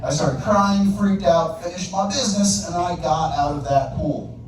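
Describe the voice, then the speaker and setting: A man's voice: fairly high pitch, normal speed. A man doing a stand-up comedy set in a club, working the crowd and hitting punchlines hard. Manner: crowd work, loud punchlines. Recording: echoey club, distant mic, audience noise.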